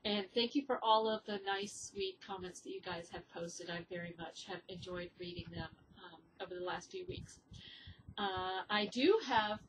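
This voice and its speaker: A woman's voice: on the low side, normal speed, a little hiss or hum, low-quality recording. A woman hosting a knitting podcast, talking casually with frequent ums and uhs, teary and grieving. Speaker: podcast host. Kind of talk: casual chat.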